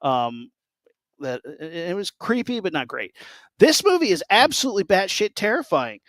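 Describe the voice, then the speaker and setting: With a voice that sits high and a moderate pace, this male podcast co-host tells stories excitedly in a casual chat. He fills his speech with fillers and restarts, and the recording is dry.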